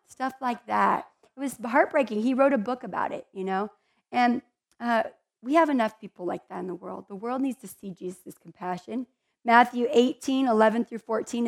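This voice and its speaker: A woman's voice: on the high side, creaky. A woman giving a conversational Bible teaching in an earnest, heartfelt way, with chatty asides to her listeners.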